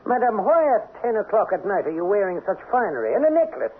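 Brief: jealous count, wildly swooping voice, thin old radio sound. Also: male voice, sits high, wildly swooping pitch, fast talker, husky, full character voice. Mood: suspicious. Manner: blustering, sarcastic. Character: suspicious, imperious nobleman husband. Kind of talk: 1970s radio drama acting. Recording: tinny old radio broadcast.

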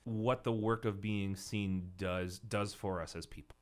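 Deep, smooth-voiced man hosting a podcast. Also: fairly even intonation, a little slow. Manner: hesitant, searching, many fillers and restarts. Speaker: podcast host. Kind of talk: interview questions.

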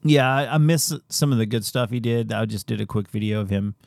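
A man co-hosting a podcast in casual chat, relaxed and joking, a father of two. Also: lowish voice, fairly quick, gravelly, no room sound, clean studio sound. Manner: relaxed, joking, laughs easily.

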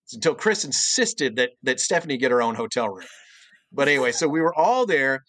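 A middle-aged man tells an anecdote as a podcast guest, with an animated delivery that jumps into high, exaggerated voices for quoted lines. His voice sits in a middle pitch. The sound is dry and close, with no room echo. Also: brisk. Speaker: guest voice actor and cartoonist. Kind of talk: storytelling anecdote in podcast interview.

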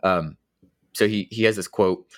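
A man's voice: low voice, a little slow, dry recording, studio quality. A man co-hosting a podcast, laying out his points in order in a thoughtful way. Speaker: podcast co-host. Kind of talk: casual discussion.

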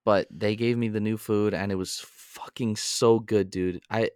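A young man and podcast co-host telling a story in a casual, animated way. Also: unhurried, smooth, no echo, clean studio sound. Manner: animated storyteller, jumps into high voices when quoting.

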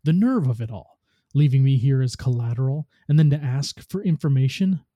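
A man's voice: medium pitch, lively intonation, fairly quick, dark tone, dry recording, natural voice. A man voicing a grumpy, scheming male ghost robot who snarls and talks curtly. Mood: grumbling. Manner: snarling, curt.

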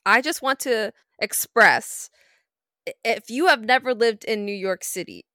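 A woman co-hosting a podcast with a bright, sharp voice that swoops up and down with feeling. She reacts quickly and playfully, recorded dry and close. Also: fairly high pitch, clean tone, no room sound. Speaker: podcast co-host. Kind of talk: casual chat.

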